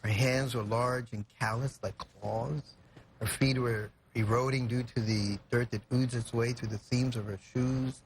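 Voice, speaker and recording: A man's voice: mid-range voice, fairly even intonation, measured pace, noisy background. A young man from California, a guest in a TV studio, telling an emotional story earnestly and reflectively, with many "you know" fillers. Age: young adult.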